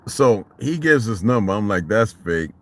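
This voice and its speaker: A man telling a story in a casual vlog monologue, animated and profane, in street slang. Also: on the low side, moderate pace. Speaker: vlogger.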